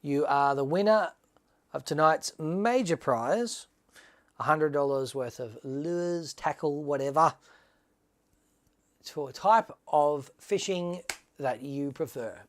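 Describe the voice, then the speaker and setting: A man's voice: a little high, slow pace. A man hosting a casual livestream giveaway, talking to viewers in a chatty, upbeat way and calling them mate. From Australia. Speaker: livestream host.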